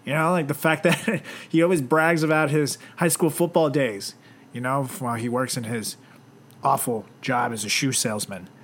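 A man co-hosting a casual talk show, laid-back and animated, swearing often as he tells stories. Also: mid-range voice, moderate pace, a little hiss or hum. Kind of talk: casual chat.

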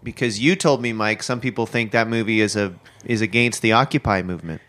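A man co-hosting a comedy podcast, talking with excitable, rambling enthusiasm. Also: on the low side, a little fast. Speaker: podcast co-host. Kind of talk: casual comedic chat.

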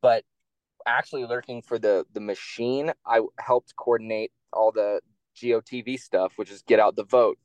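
A man's voice: mid-range voice, steady tone, moderate pace, a little mellow, no room sound. Blunt, profane man telling campaign stories. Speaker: guest, attorney and former campaign staffer. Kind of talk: casual interview storytelling.

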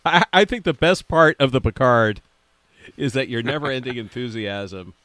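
A man's voice: mid-range voice, normal speed, a bit bright, no room sound. A man co-hosting a podcast in casual chat, wry and self-mocking. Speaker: podcast co-host.

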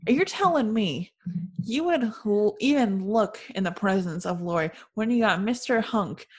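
A young woman co-hosting a casual chat, animated and joking, often laughing. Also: medium pitch, measured pace, slightly rough.

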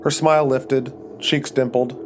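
Podcast host narrating horror fiction, measured and even, mid-range male voice. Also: medium pitch, noisy background. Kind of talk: scripted narration of a horror story.

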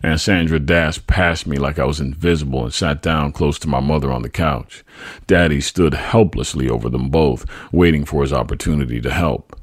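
A podcast host with a breathy bass voice narrates a family memoir at a normal pace, telling it dramatically and loudly acting out the quoted lines. The recording is clean studio audio with no room sound.

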